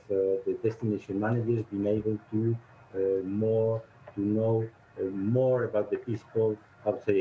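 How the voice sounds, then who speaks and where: A man whose first language is Spanish, an advisor on a video call, speaking haltingly and searching for words. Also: on the low side, slight background noise. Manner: hesitant, searching for words with many fillers. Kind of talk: online panel discussion. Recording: muffled video call line.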